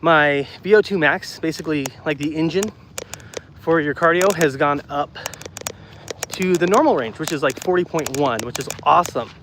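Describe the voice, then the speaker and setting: Walking and livestreaming outside, this man reads live comments aloud and chats loosely, short of breath and often repeating himself. He has a fairly high, slightly bright voice at a moderate pace. The phone mic, with no external mic, picks up a little hiss or hum.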